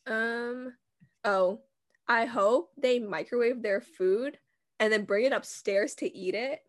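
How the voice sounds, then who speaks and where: A young woman co-hosting a casual podcast, telling stories in a giggly, animated way and acting out what people said. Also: fairly high pitch, slow. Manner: giggly, animated storytelling with acted quotes. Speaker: podcast co-host. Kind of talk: casual chat.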